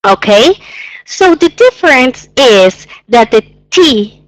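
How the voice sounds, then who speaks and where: A woman teaches an English pronunciation lesson in a high, sing-song voice, speaking slowly. She patiently repeats sounds and exaggerates them so learners can hear, on a rough recording with no room sound.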